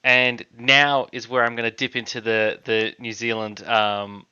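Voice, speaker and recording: A man's voice: mid-range voice, flat delivery, unhurried, sharp tone, clean tone, highs cut off. A man from Australia co-hosting a casual fantasy draft chat, rambling and correcting himself as he picks. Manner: rambling, self-correcting, easily laughs at himself. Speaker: co-host.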